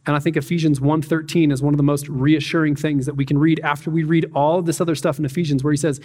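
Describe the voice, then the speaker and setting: A man's voice: a little high, level tone, fast, warm tone. A man preaching a casual, conversational sermon as a pastor, full of "like" and "man" asides, and slipping into voices for the people he quotes. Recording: long hall reverb.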